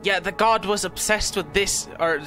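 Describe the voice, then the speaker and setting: A man's voice: high-pitched, moderate pace, pushed and bright, faint music behind. A young man giving casual, rambling gameplay commentary, stammering and swearing freely as he plays. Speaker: gaming video host.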